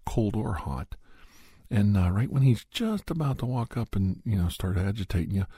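A man's voice: low-pitched, dark tone, slightly rough, no echo, studio quality. A man talking casually and at length, giving advice in a rambling, conversational way and acting out quotes. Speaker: advice giver.

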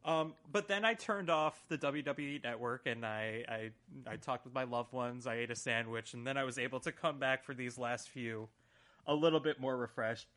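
A man on a podcast, walking through the story in relaxed, casual chat. His delivery is dry and easygoing, with a middle-pitched voice. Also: normal speed. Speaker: podcast co-host. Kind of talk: casual chat, recapping episodes.

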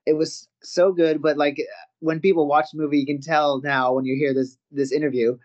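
Animated Canadian-raised man telling stories. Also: a little high, normal speed, highs cut off. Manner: animated anecdotes, laughs often, acts out quotes. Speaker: guest, professional wrestler and actor. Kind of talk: casual storytelling.

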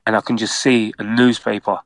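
Man telling a lively football anecdote. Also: fairly low pitch, a little fast, no room sound. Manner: animated storyteller, acts out quotes. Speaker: guest, former footballer.

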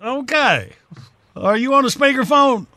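Very high, bright-voiced male radio host. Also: animated, no echo. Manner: upbeat, quick quizmaster patter. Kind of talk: radio game show hosting.

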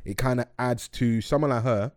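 A young man with a medium-pitched voice hosts a podcast, talking casually into a close mic with no echo. He's quick and animated, cracking jokes and packing in slang.

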